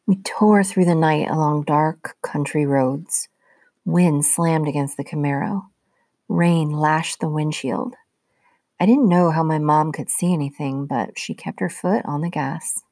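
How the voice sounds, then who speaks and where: A woman teacher reads a novel aloud to her class in a low, mellow voice. Her narration is steady and even, recorded dry with no room sound. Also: measured pace, dry recording.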